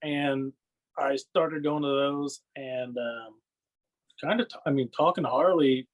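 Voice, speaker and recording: A man with a medium-pitched, steady voice speaks a little slowly as a podcast guest and wrestling fan. He rambles through stories in casual chat, often laughing and tossing in "you know what I mean."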